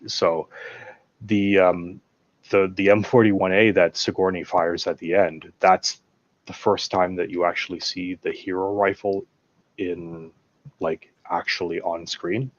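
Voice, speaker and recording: A man with a low voice chats eagerly about films, wandering into trivia and asides. The sound is dry and dull, with a lo-fi edge. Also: flat delivery, a little slow, no echo. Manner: enthusiastic, digressive, trivia-sharing. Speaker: podcast guest and prop builder. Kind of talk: casual film chat.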